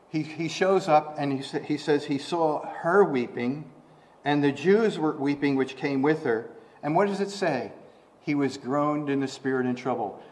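A man preaching a conversational sermon, asking rhetorical questions and restarting often, rising in pitch and volume when he quotes scripture. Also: a little mellow.

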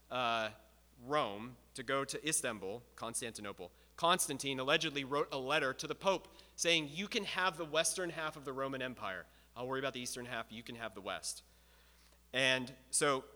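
Bright-voiced man lecturing in a hall. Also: a little high. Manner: casual, conversational, asks the audience questions. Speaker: teacher. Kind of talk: church history lecture. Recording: long hall reverb.

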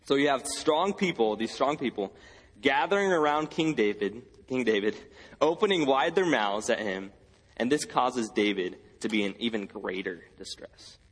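A husky-voiced man delivers an earnest sermon, slowing down for scripture and lifting his pitch on the quoted pleas. His voice carries a long reverb, as if it fills a large church hall. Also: expressive. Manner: earnest, reads scripture slowly, rises in pitch when quoting cries. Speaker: preacher.

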